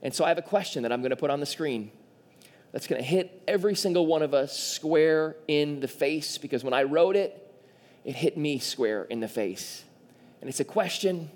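Preaching at a moderate pace, a pastor speaks in a fairly high male voice. His sermon is animated, and he puts on playful voices when quoting the figures in his story.

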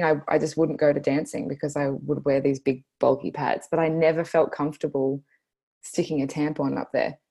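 Australian woman in her twenties, low and gravelly. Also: darkish tone. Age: 20s. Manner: earnest, laughs often, speaks slowly when stressing a point. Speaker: guest. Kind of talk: casual podcast interview.

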